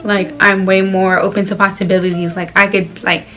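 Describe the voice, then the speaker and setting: Brief: twenties woman from Florida, casual vlog chat, bright voice, faint music under her. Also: mid-range voice, level tone, moderate pace. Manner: loose, candid, slangy, laughs often. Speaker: vlogger. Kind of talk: casual chat while doing her hair.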